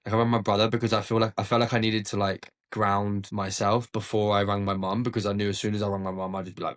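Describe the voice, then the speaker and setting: A young man with a fairly low voice recounts a hard experience as a podcast guest. His talk is loose and casual, dotted with "like" fillers, and it turns emotional at times. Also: little pitch movement, quick pace, hardly any pauses. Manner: frequent "like" fillers, emotional retelling. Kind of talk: casual storytelling.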